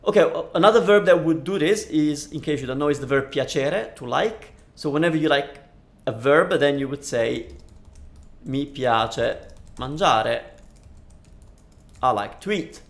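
A man's voice: on the high side, unhurried, creaky. A man teaching a language lesson on a live stream, chatting and answering viewers' questions at a studio microphone. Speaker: Italian teacher.

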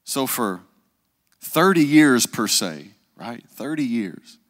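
A man's voice: mid-range voice, big pitch swings, slow, a bit bright, big-room sound. A man, preaching a sermon in a conversational storytelling manner and often asking "right?". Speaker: pastor.

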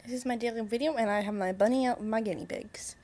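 A young woman with a fairly high voice films a casual daily vlog in her bedroom. She rambles in a chatty way and coos at her bunny and guinea pigs, her voice rising and softening as she talks to them. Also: fast talker. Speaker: vlogger. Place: bedroom at home.

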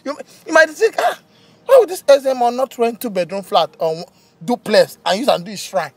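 A man with a Nigerian accent performing a comedy skit, talking boastfully and breaking into panicky shouting. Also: very high voice, lively intonation, normal speed, dry recording.

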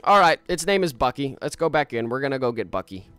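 An excitable man chatting with his live stream viewers while playing a game. He talks in a mid-range voice, jumps between thoughts and laughs often. Faint music plays softly behind him. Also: mid-range voice, fast, clean tone, dry recording. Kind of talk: live gameplay stream chat.

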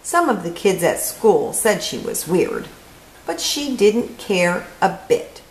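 A woman reading a children's picture book aloud as host, with expressive story-time delivery. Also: mid-range voice, slow, slight background noise. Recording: echoey room.

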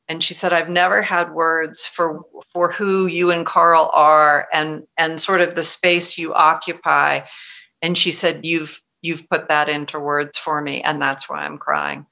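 A middle-aged woman with a bright, forceful tone and a slightly low pitch, talking about her writing as an interview guest. She tells her stories with lively energy, restarting her sentences and acting out what others said. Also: gravelly. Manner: animated, frequent restarts, quotes others in lively voice. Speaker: novelist guest. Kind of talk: conversational interview storytelling.

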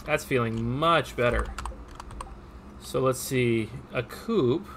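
A man's voice: medium pitch, takes it slowly, a bit bright, slight background noise. A man casually commentating his own game stream, chatty and upbeat, talking to his viewers as he plays. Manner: chatty, upbeat, talks to himself and chat.

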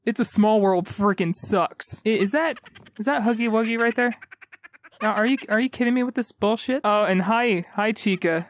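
A man's voice: sits high, moderate pace, slight background noise. A young man doing sarcastic gameplay commentary, swearing and talking back to characters on a headset mic. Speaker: gaming YouTuber. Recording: loud game music behind.

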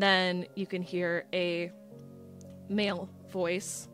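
A woman narrating a tabletop role-playing game as game master, relaxed and full of fillers. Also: on the low side, takes it slowly, pauses often. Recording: faint background music.

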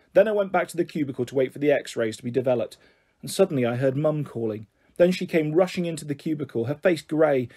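Man, children's book reading, gentle storyteller, slightly high voice, husky.

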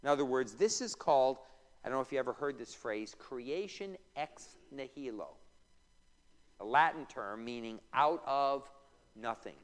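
A man's voice: medium pitch, animated, moderate pace. A man, a pastor, teaching a Bible class in a church. He tosses in joking asides, reads scripture aloud and quizzes the class. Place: church room. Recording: reverberant church hall.

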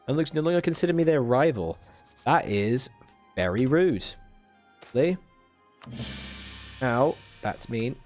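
A gaming video host gives casual let's play commentary on a strategy game, speaking at a medium pitch in a slightly mellow, animated voice. He's unhurried, with long pauses, soft background music underneath, and he jokes, mutters playfully, and talks to his units as he plays.

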